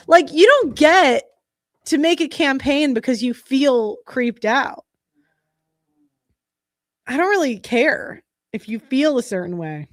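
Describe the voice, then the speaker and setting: A woman's voice: high-pitched, expressive, slow, long pauses, dry recording, clean studio sound. A young woman hosting a livestream, talking casually, bluntly and with heat, swearing often and restarting her sentences. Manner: heated, blunt and profane, with frequent restarts. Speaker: livestream host.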